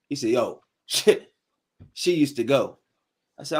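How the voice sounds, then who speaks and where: Animated man telling stories on a podcast. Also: medium pitch, a little slow, long pauses, slightly rough. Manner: animated storytelling, slangy, acts out quotes. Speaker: podcast host. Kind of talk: casual panel chat.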